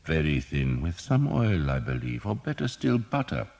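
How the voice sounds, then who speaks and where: A man voicing a cheerful, sardonic old male doctor who teases slowly and deliberately. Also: rumbling low, very animated, gravelly, darkish tone, heavily acted. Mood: wry. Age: older. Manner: wry, teasing, slow and deliberate.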